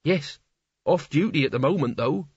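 A man's voice: on the high side, animated, normal speed, slightly rough, no echo, dull audio. Man doing an earnest young man, blunt, urgent, dry sound.

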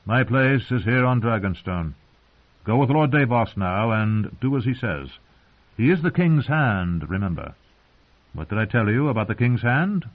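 A calm young scholar-tutor in a storybook, patient and measured, with a gently lifted voice and lively lilt, as a man reads him. Thin, phone-like sound. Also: mid-range voice, pitched above the performer's own voice.

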